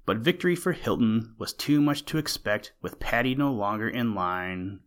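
A man narrating an old-fashioned school story in a steady, expressive reading. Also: fairly low pitch, normal speed.

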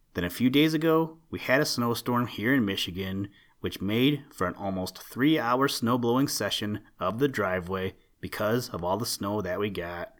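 Male storyteller-host, calm and earnest, lowish voice. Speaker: host and narrator. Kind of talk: children's story reading.

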